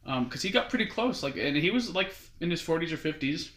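A man's voice: a little high, animated, fast, fairly bright tone. A young man casually telling a long story as a guest. He rambles and keeps quoting others with "he's like". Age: young adult. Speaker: guest recounting his mission. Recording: roomy echo.

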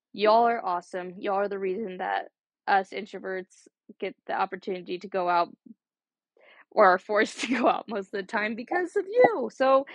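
This young college woman runs a laid-back solo podcast, talking in a mid-range voice with no echo. Her chatter wanders freely and is packed with "like."

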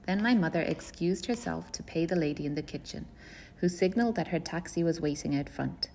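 A woman narrates a first-person novel in a measured, even way. Her voice is low and gravelly, with a creaky edge at phrase ends. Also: a little hiss or hum. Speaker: audiobook reader.

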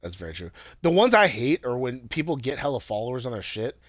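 A man's voice: mid-range voice, very animated, fast talker, no echo, lo-fi sound. A man co-hosting a podcast, joking loosely and swearing a lot in casual banter. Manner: loose, swearing, jokey, rambling. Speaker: podcast co-host.

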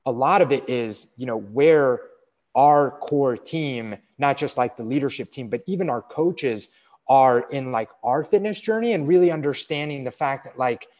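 A man speaking as a guest in a relaxed interview. He talks in a loose, rambling way, packed with filler words. His voice sits at an everyday middle pitch. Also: moderate pace. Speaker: fitness brand representative, guest. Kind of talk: casual conversational interview.

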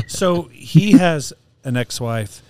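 A man's voice: on the high side, expressive, extremely slow, a crowd in the background. A man hosting a casual chat, curious and asking questions. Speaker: host.

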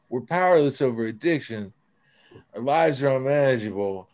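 A man telling his own recovery story on a podcast, earnest and casual, often dropping "man". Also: mid-range voice.

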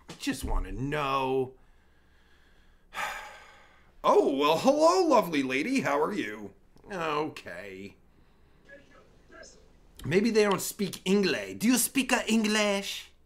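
A crude, foul-mouthed male streamer with a gravelly, fry-laden voice. His pitch swings widely as he mocks and rambles through a livestream commentary. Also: sing-song, extremely slow, pauses often. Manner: crude, profane, rambling and mocking. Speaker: livestream host.

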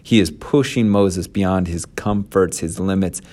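A man's voice: sits low, unhurried, darkish tone. A man retelling a scripture story in a casual, conversational way and adding his own commentary. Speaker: scripture teacher.

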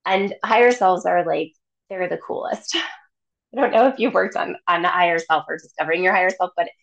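A woman's voice: on the low side, normal speed, vocal fry, rough recording. A woman guest on a podcast, chatting casually and animatedly about chakras, acting out voices and laughing often. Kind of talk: casual chat.

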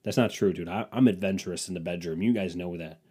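Here a young man hosts a podcast by himself, his low voice quick, mellow, and a bit breathy. The stories are comedic, rambling, crude, and self-mocking.

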